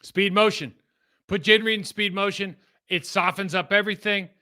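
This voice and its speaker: A middle-aged man talks through football game film in a casual, rambling way, often restarting sentences and drifting into asides. His voice is very bright and forward, sitting slightly above the usual male pitch. The delivery stays animated and conversational. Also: normal speed. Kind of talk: casual film breakdown commentary.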